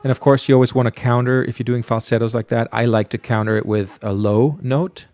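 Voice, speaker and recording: A man, a music producer, casually talking through a studio mixing tutorial with many pauses and fillers. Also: medium pitch, fairly even intonation, a little mellow, dry recording. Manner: casual, hesitant, lots of fillers.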